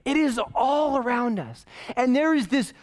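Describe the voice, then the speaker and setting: A woman's voice: high voice, expressive, unhurried, darkish tone. A woman preaching a sermon in a casual, joking, self-deprecating way, telling stories from her own life. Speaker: pastor. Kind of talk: conversational sermon.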